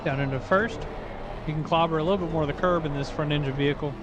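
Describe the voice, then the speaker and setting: A man's voice: a little high, quick pace, dull audio, noisy background. A man giving live commentary on a sim race, teasing his co-host between calls.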